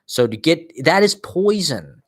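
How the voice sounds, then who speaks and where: A man's voice: on the high side, very animated, a little slow. A man in his thirties telling a rambling, profane story in casual monologue, often breaking into laughter. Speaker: podcast host.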